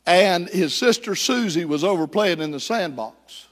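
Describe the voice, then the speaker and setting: A man's voice: sits high, lively intonation, measured pace, fairly bright tone. A male pastor telling a story and then preaching and praying in a sermon. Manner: storytelling, then fervent and prayerful. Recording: echoey hall.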